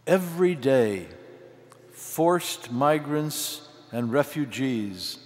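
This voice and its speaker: An older man preaches a homily, breaking his lines into short, deliberate phrases. He speaks very slowly at a middle pitch. His voice rings out with the long reverb of a large cathedral. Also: lively intonation. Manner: slow, measured delivery in short phrases. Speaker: archbishop preaching. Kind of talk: sermon.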